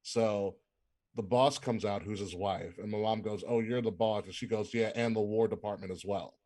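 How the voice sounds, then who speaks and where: A man's voice: lowish voice, fairly even intonation, normal speed, warm tone. A man, co-hosting a podcast and telling a casual story with lots of fillers. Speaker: podcast co-host. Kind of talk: casual chat.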